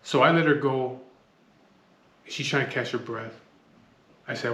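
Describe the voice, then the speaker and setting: A man's voice: mid-range voice, measured pace, fairly bright tone. A man telling a street story in a blunt, profane, casual way. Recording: echoey room, faint noise.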